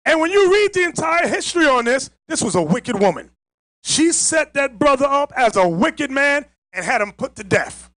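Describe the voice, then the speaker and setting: A man preaching a fiery Bible lesson, emphatic and mocking, often raising his voice to a shout. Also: very high-pitched, sing-song, moderate pace, no room sound. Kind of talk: fiery street-style Bible teaching.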